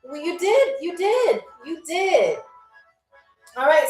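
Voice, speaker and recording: Playful high-voiced woman hosting a live game. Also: big pitch swings, slow, pauses often, darkish tone, far from the mic, faint music behind. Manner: playful, teasing, chatty with viewers. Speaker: game show host. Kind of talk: live-stream trivia game chat. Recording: roomy sound from away from the mic.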